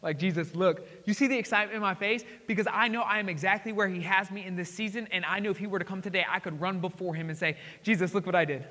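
High, bright-voiced excitable male pastor. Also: rapid-fire, hardly any pauses. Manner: excitable, swings between loud exclamations and hushed asides. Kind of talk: sermon. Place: church sanctuary. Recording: hall reverb.

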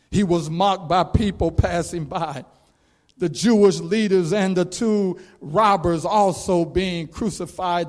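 A male preacher delivering a sermon, moving from measured storytelling to fervent, shouted proclamation. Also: high voice. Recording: long reverb of a large hall.

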